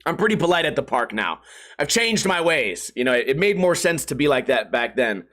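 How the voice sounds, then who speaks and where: Animated, high-voiced man ranting. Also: brisk. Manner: animated storytelling with exaggerated quoted voices; profane, comedic. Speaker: podcast host. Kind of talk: casual solo podcast rant.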